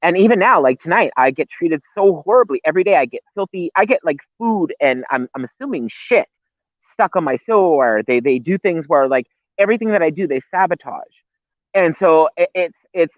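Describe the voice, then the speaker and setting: A man's voice: on the high side, expressive, a little fast, dry recording. Agitated guy ranting on a call, tinny phone sound, totally dry. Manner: heated, rambling, swears, many restarts. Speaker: guest. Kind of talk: live-stream interview talk.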